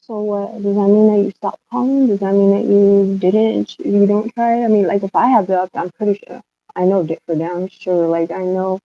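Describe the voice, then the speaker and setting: A woman's voice: medium pitch, little pitch movement, moderate pace, gravelly, no room sound. A woman livestreaming an emotional rant, upset and rambling, swearing often. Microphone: phone livestream. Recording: slightly dull lo-fi stream audio.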